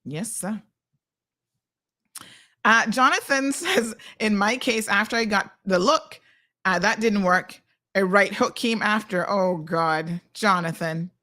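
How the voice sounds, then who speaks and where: A woman's voice: mid-range voice, a little slow. Sassy Caymanian woman telling stories. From Cayman Islands. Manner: sassy, animated storytelling with "honey child" asides. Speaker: host. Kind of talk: casual chat reading viewer comments.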